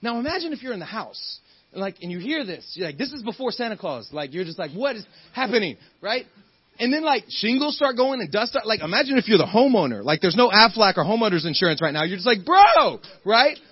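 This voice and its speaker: A man preaching a sermon as a guest speaker. He is animated, acts out the figures in his story and gets loud and fired up at the high points. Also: fast, slightly rough, dry recording, highs cut off.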